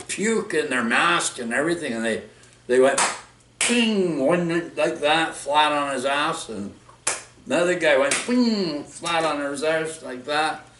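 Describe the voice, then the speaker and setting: A man's voice: on the high side, background noise. A man telling a long work story casually, rambling with restarts and constant "right?" and "eh?" tags. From Canada. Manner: rambling, full of restarts and tag questions like "right?" and "eh?". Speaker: vlog storyteller. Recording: roomy echo, voice distant from mic.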